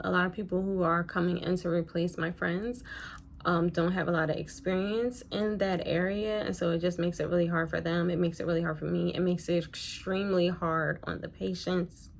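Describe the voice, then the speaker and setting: A woman's voice: lowish voice, gravelly, a little hiss or hum. A woman who works as a nurse, chatting casually and rambling through a story while she does her makeup. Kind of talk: casual get-ready-with-me chat.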